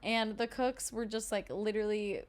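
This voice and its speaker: A woman's voice: mid-range voice, steady tone, normal speed. A woman comedian chatting casually as a podcast guest, giggly and full of fillers. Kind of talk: casual chat.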